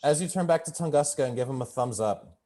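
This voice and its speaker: A man's voice: mid-range voice, quick pace, dark tone. A man narrating as game master in a loose, rambling way with lots of fillers.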